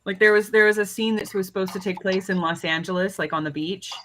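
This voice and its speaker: Chatty quick-talking woman. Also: mid-range voice, little pitch movement, fairly bright tone, slight background noise. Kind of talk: casual chat.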